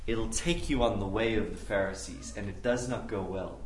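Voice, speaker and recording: A man preaching a camp sermon, swinging from hushed, pleading passages to loud, impassioned ones. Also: fairly low pitch, moderate pace, slight background noise. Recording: echoey room, mic at a distance.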